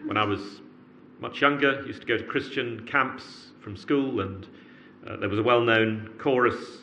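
A man's voice: mid-range voice, moderate pace, sharp tone, slight background noise. A man preaching an evening sermon in an earnest way, repeating words as he builds emphasis.

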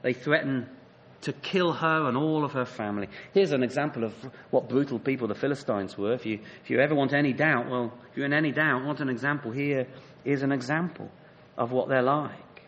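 Brief: middle-aged preacher, animated storyteller with rhetorical questions. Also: male voice, medium pitch, fairly quick, lo-fi sound, a little hiss or hum. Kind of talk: sermon.

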